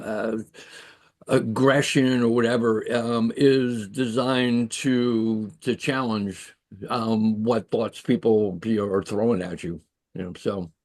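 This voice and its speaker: Slow-talking man with halting, filler-heavy delivery; mid pitch. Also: darkish tone. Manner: hesitant, halting, full of fillers. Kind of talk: casual chat.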